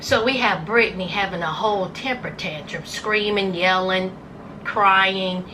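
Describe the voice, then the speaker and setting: A woman's voice: medium pitch, unhurried, background noise. A woman giving casual, sarcastic commentary on a reality show, acting out scenes in put-on voices.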